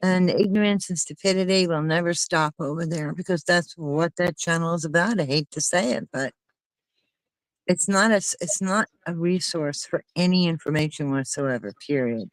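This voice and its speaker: A woman's voice: on the low side, normal speed, no room sound, low-quality recording. A woman hosting a casual chat with friends, talking in an indignant, emphatic way.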